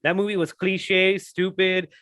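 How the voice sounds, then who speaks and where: A man with a notably high voice trades jokes and rants on a casual podcast. He swears freely and mocks what he dislikes. The sound is close and dry, with no room around it. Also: little pitch movement, unhurried, fairly bright tone, no room sound. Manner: joking, ranting, swears casually. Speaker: podcast co-host. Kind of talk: casual chat.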